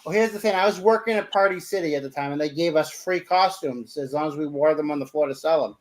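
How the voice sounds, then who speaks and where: High-voiced man telling a story. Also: fast. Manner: animated anecdote-telling with stumbles. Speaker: podcast host. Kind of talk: casual storytelling.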